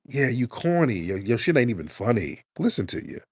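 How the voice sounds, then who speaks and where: A man hosting a confrontational call-in show, his pitch swinging widely as he taunts and mocks. He draws out his questions slowly and repeats them. The sound is dry and close. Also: sing-song, slightly rough, dry recording. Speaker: host of a call-in talk show. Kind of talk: confrontational call-in radio talk.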